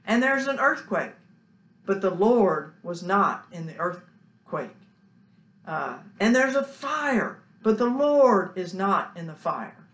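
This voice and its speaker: Slow, earnest woman preaching in church. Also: mid-range voice, very animated. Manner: slow, earnest preaching with soft, hushed endings. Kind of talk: sermon. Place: church sanctuary. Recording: echoey church room.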